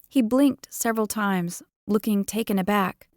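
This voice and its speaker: Lady reading a romance audiobook, playful and expressive, super dry close mic. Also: mid-range voice, moderate pace, few pauses, no room sound. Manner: expressive, playful first-person storytelling. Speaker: audiobook narrator. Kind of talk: first-person romance audiobook narration.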